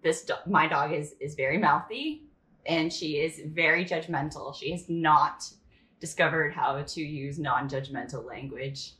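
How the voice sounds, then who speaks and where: A woman's voice: sits low, measured pace, fairly bright tone. A woman on a podcast panel with a wry, dry sense of humor, chatting casually. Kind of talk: casual chat. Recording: roomy echo.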